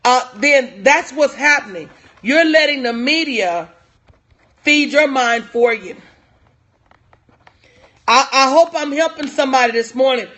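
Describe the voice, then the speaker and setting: A woman's voice: sits high, measured pace, pauses often, a bit bright. A woman life coach giving a motivational talk on a live stream, repeating lines for emphasis and calling out viewers by name. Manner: talks to viewers in chat by name.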